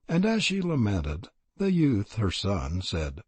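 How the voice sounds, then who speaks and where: A man giving scripted audiobook narration in a measured storytelling manner, with a husky voice. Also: fairly low pitch, wildly swooping pitch, darkish tone, no room sound.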